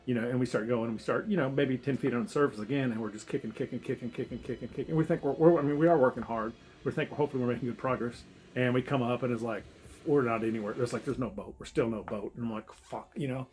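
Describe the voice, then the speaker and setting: A vlogger tells a diving story casually to camera, talking fast in a mid-range, darkish voice with hardly any pauses and slight background noise. He rambles and interrupts himself, restarting often while swearing and chuckling frequently.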